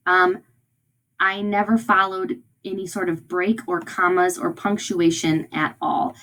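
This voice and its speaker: A woman's voice: lowish voice, level tone, unhurried, fairly bright tone, slight background noise. A woman teacher giving a recorded read-aloud lesson to young children in an encouraging way, often checking in with them.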